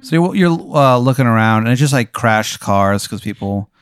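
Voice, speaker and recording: A man narrating as game master in an improvised tabletop game, telling it in a casual, deadpan way. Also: medium pitch, normal speed, clear, resonant tone, no echo, clean studio sound.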